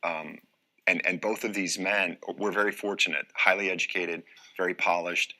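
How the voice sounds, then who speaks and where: A man interviewing a guest, asking a measured, reflective question. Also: low voice, fairly even intonation, pushed and bright.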